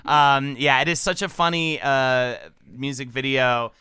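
A male podcast co-host telling the story in relaxed, agreeable casual chat, swearing casually. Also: mid-range voice, a little slow, smooth.

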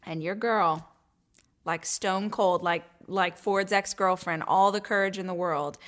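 A woman in her thirties talking casually as the host of her own show. She tells stories in a chatty, animated way, full of quick asides and bursts of laughter. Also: lowish voice, a little hiss or hum. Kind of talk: casual chat.

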